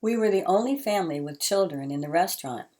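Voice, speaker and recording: Low-voiced woman reading a story. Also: expressive, quick pace, mellow. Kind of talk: reading an inspirational story aloud.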